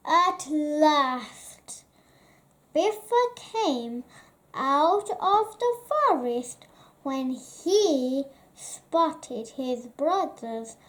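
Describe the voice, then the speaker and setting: A woman reading a children's story aloud, slow and expressive. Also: high-pitched. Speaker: storybook reader.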